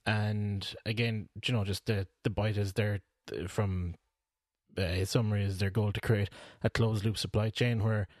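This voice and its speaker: This podcast co-host speaks in a lowish voice with little pitch movement at a moderate pace, rambling casually with lots of fillers and restarts. The sound is clean studio audio without echo.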